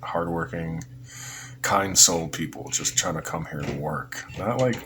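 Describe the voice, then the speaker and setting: A man's voice: sits low, animated, a little slow, noisy background. A man hosting a podcast, giving rambling, heated, sarcastic casual political commentary. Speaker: podcast host.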